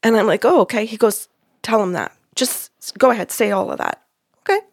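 A woman hosting a podcast tells a story in a relaxed, lively way and voices what others said without changing her own sound. The recording is dry and close, with no room echo. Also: mid-range voice, a little fast, creaky. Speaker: podcast host and medium. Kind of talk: casual storytelling.

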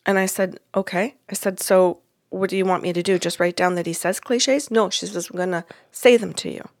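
A woman's voice: lowish voice, fairly even intonation, a little fast, no room sound, studio quality. A woman who works as a psychic medium, telling a story in conversation and acting out the dialogue. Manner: retells events with quoted dialogue.

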